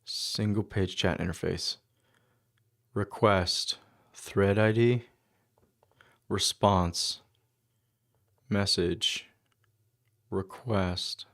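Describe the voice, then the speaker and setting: A man with a fairly low voice talks through his coding session, reading and reacting as he goes. He murmurs short asides and half-thoughts to himself in a relaxed, conversational way. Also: very slow, vocal fry, pauses often. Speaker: developer livestreaming his coding. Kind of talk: casual thinking-aloud commentary.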